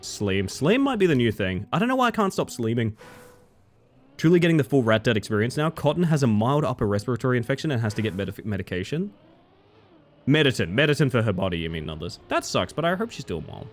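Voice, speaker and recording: A man chats casually as he live-streams his gameplay, reading his chat aloud and cracking jokes. His pitch swings all over the place, from bright, squeaky outbursts down to low, half-mumbled asides, though his overall pitch sits in the middle range for a man. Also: fast talker. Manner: playful, reads chat aloud and jokes, swings between excited yelps and low mutters.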